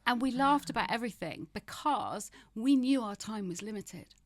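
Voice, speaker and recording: A woman's voice: fairly high pitch, expressive, moderate pace, dry recording. A woman in her fifties, a podcast guest, talking frankly and often laughing as she moves between humor and grief. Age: 50s. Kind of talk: candid conversational interview.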